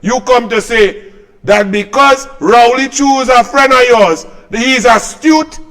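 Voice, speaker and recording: Very high-pitched mocking Trinidadian man. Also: slow pace, a bit bright. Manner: mocking, sarcastic, combative. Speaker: political commentator. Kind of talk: political rant to camera.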